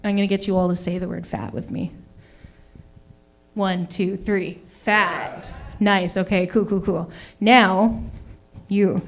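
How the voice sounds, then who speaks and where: A woman's voice: mid-range voice, steady tone, slow, creaky, pauses often. Rambling self-mocking young woman comic. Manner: keeps saying "oh my goodness". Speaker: stand-up comedian. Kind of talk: open mic stand-up set. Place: small comedy venue in front of a live audience.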